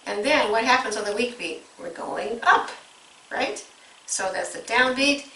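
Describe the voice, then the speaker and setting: A woman with a bright, fairly high voice walks teachers through a music lesson step by step, now and then breaking into short sung examples. She sounds set back from the mic in an echoey room, with faint background noise. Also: lively intonation, measured pace, distant mic.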